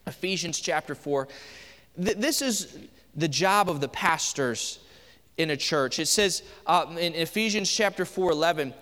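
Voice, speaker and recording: Pastor, man in his 30s, fairly high voice, chatty preaching with stumbles and restarts, church hall reverb. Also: expressive, unhurried, bright, forceful tone. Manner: conversational preaching with anecdotes and frequent restarts. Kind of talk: sermon. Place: church sanctuary.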